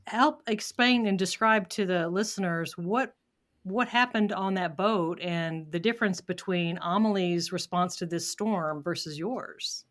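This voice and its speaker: A woman hosts an interview podcast, speaking in a reflective, measured way with thoughtful pauses. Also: lowish voice, a bit bright. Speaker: podcast host. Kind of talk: conversational interview.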